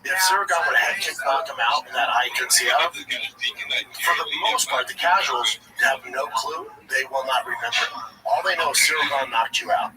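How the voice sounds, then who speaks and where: A man's voice: mid-range voice, moderate pace, over a noisy crowd. Blunt, profane man talking fight sports. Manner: blunt and profane, acts out quotes. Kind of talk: casual sports talk. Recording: distant mic with background noise.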